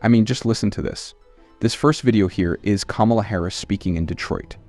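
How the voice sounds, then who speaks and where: A man's voice: lowish voice, brisk, a little mellow, no room sound, soft background music. A man hosting a channel, reading scripted political commentary in a scornful, emphatic way.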